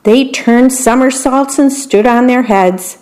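Gently reading a bedtime story on the radio, a woman volunteer describes the pictures for her listeners. Her voice sits high, and she speaks at a slow pace.

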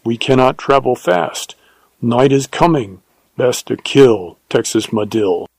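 A man reading aloud and voicing an insistent one-eyed bandit who wants a quick kill. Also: medium pitch, animated, creaky, darkish tone, breathy edge, no room sound, full character voice. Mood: urgent. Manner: protesting, insistent.

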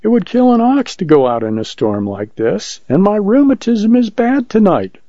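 A man's voice: high voice, sing-song, moderate pace, warm tone, no echo, voice pushed up. A man voicing a frail, timid old male preacher who talks in a fretful, trembling way. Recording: muffled lo-fi recording.

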